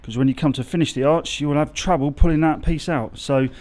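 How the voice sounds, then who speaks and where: A man's voice: a little high, steady tone, fairly quick, darkish tone. A man, chatting casually on an outdoor building site and explaining his bricklaying, often losing his thread and correcting himself. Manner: chatty, loses his train of thought, self-corrects. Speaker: bricklayer vlogger.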